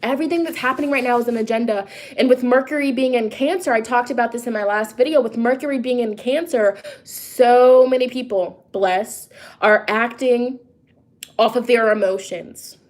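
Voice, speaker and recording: A woman's voice: on the high side, normal speed. A woman who reads tarot, talking casually and emphatically to her viewers, often asking them questions and restarting sentences as she goes. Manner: emphatic, talks straight to viewers with rhetorical questions; loose and conversational, with frequent restarts and asides. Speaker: tarot reader and psychic. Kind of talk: casual vlog monologue.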